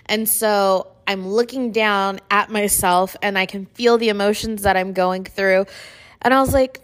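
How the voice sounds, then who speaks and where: A woman's voice: medium pitch, steady tone, unhurried, a bit bright. A woman in her thirties hosting a podcast, telling a personal story in a casual, chatty way, filling her talk with "like". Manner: chatty, says "like" a lot, emotional retelling. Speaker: podcast host.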